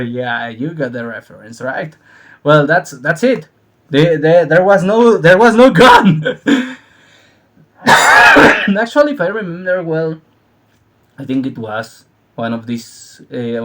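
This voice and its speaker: A man, probably middle-aged, giving a casual, profane opinion monologue, laughing a lot and acting out scenes with shouted voices. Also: medium pitch. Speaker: vlogger.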